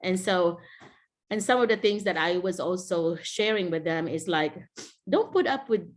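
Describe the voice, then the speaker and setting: A woman's voice: fairly low pitch, moderate pace. Filipino woman mentoring teachers over video call. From Philippines. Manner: storytelling, often quoting others and laughing. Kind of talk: casual Zoom talk to teachers.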